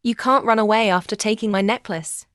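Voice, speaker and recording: A woman dubbing dialogue for a young heroine in a short romance drama, speaking in a slow, measured way with plain, even phrasing. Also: mid-range voice, no echo, clean studio sound, close to an everyday voice.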